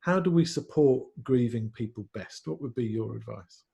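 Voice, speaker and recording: A man's voice: medium pitch, normal speed, gravelly, mellow, husky. A man, a pastor hosting a casual discussion, who hesitates and searches for his words. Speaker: pastor and host.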